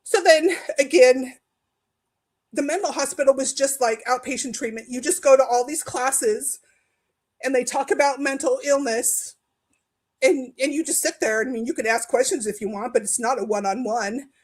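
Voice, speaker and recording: Woman, high voice, emotional personal testimony, teary and earnest, rambling delivery. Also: moderate pace. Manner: tearful, voice rising high when quoting her own pleas. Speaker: guest sharing personal story.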